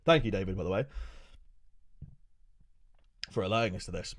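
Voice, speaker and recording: A man on a live stream, reading an update aloud with excitable, profane asides. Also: deep voice, moderate pace, pauses often, no room sound, studio quality. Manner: excitable and profane, joking asides between read passages.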